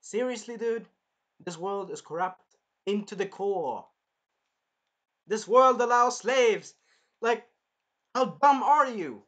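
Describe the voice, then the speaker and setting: A man voicing an angry young male hero who bursts out in exasperated shouts. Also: sits high, unhurried, voice pushed up.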